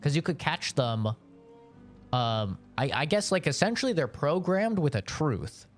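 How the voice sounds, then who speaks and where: A man's voice: fairly high pitch, sing-song, unhurried, faint music behind. A man streaming a game, chatting casually and rambling with jokes to his viewers. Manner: rambling, joking, talks to chat. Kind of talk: casual gameplay chat.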